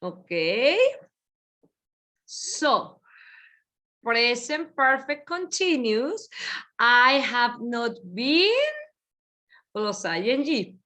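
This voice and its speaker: This English teacher has a bright, high voice and is very animated, yet she speaks very slowly with long pauses. Teaching grammar online via video call, she repeats and explains points while switching between English and Spanish.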